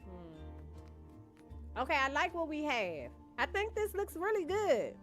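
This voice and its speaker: Her high voice swings hugely in pitch, fairly bright in tone and measured in pace. This young gaming streamer chats casually with viewers as she plays, musing aloud and calling them "y'all," over faint background game music.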